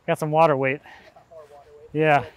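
A man with a fairly high voice narrates outdoors while loading a log onto a trailer, speaking in a level, unhurried tone. He's an urban logger and video host, chatty and jokey, casually explaining every step as he works.

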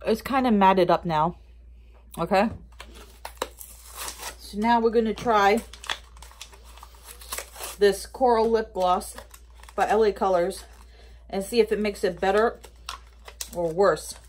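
Woman vlogger, relaxed rambling product review, average pitch. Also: slow, pauses often, a little hiss or hum. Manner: chatty, rambling, thinking aloud; talks with mouth full of candy. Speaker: haul vlogger.

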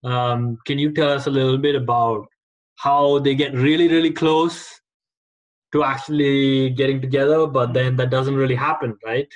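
A man co-hosting a casual film discussion, speaking in a measured way with "um" pauses. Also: mid-range voice, little pitch movement, muffled recording.

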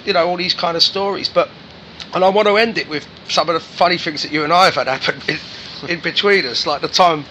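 A host leads a relaxed chat, eagerly prompting his guest for more stories. He talks fast in a slightly raised, bright voice, and jumps from one memory to the next. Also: a little high, a little hiss or hum, low-quality recording. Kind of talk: casual interview chat.

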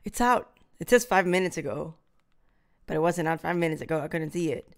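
Excitable young woman streaming a reaction. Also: low voice, a little fast. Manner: excitable, nervous chatter with laughs and shrieks.

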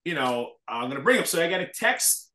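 A man's voice: fairly high pitch, fairly quick. A man telling stories in casual chat, acting out what others said. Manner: animated storyteller, acts out quotes. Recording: echoey room.

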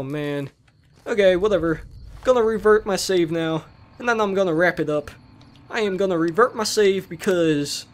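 Excitable high-voiced young man gaming. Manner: excitable, rambling, bursts into shouts. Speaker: Let's Play host. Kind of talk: casual gameplay commentary.

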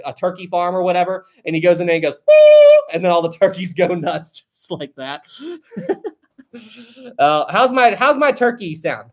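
A live-stream host chatting casually, reading viewer messages aloud, joking, laughing often and thinking out loud. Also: medium pitch.

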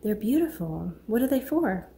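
Audiobook role: guilt-ridden young wife, soft and gentle, read by a woman narrator. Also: medium pitch, very animated, normal speed, voice pushed up. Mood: touched. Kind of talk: audiobook character voice.

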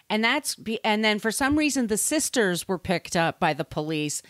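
A woman's voice: medium pitch, sing-song, normal speed, fairly bright tone, dry recording. A woman co-hosting a casual book-versus-movie podcast, recapping the plot chattily and saying "like" often. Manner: chatty, peppered with "like". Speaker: podcast co-host.

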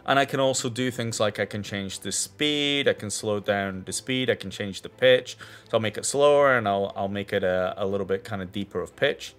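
Low-voiced man demoing tech. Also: a bit bright, faint music behind. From Scotland. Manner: halting, restarts and repeats words while explaining. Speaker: technology presenter. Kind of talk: screen-share tech demo.

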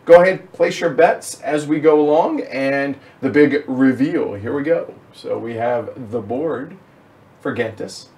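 A man's voice: medium pitch, slow, darkish tone, far from the mic. A man hosting a board game show, talking in an upbeat, chatty way with plenty of fillers. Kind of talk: casual chat.

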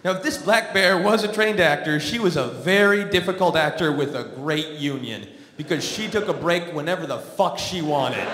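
A man's voice: sits high, fairly bright tone. A male comedian telling a stand-up story on a theatre stage with a dry, wry comic delivery. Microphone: stage microphone. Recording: echoey theatre hall from a distance.

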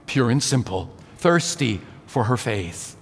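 A man's voice: medium pitch, big pitch swings, takes it slowly, slightly rough. A man in his sixties preaching a sermon full of rhetorical questions. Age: 60s. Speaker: priest. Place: large church. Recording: church with long reverb.

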